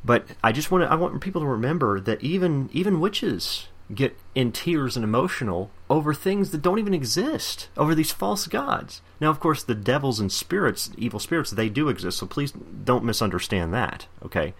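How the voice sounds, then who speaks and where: A man preaching a fervent sermon, reading scripture slowly and commenting with emphatic repetition. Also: mid-range voice, lively intonation, slightly rough. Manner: fervent, emphatic, repeats words.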